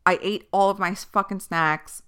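Bright, chatty young woman podcaster. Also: medium pitch, moderate pace, clean tone. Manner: candid, chatty, swears freely, animated when retelling. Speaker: podcast host. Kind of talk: casual chat.

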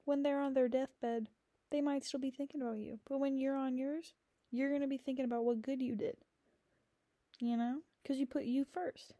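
Young woman host, casual rambling monologue, blunt and profane, mellow tone, dry close sound. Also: high voice, steady tone, moderate pace, no room sound. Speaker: podcast host.

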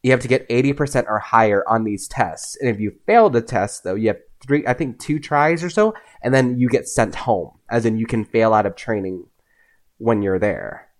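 A young man, a podcast guest, telling personal stories in a casual, animated way, often acting out what others said. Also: medium pitch, normal speed. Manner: animated, acts out voices in his anecdotes. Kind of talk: casual storytelling.

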